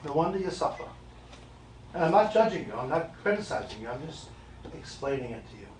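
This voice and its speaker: Blunt high-voiced man in echoey hall. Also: big pitch swings, brisk, a little hiss or hum. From United States. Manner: blunt, emphatic, repeats phrases, joking asides. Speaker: medium. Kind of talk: live stage talk to an audience. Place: live event hall. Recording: echoey room, mic from a distance.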